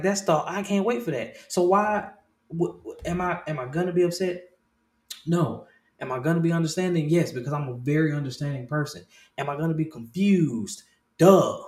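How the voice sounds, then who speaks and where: A man in his thirties hosts a casual talk show with a slightly raised pitch. He curses freely and stumbles through restarts, then bursts out loud before dropping back to a low murmur. The room around him is bright and echoey. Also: brisk. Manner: swears freely, restarts and repeats phrases. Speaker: podcast host.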